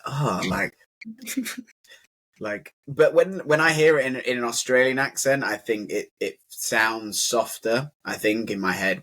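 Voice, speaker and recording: A young man talks through an English lesson in a loose, friendly way. His voice sits on the low side, and he keeps filling his sentences with "like". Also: fairly bright tone. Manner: chatty, fills speech with "like". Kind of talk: casual conversational teaching.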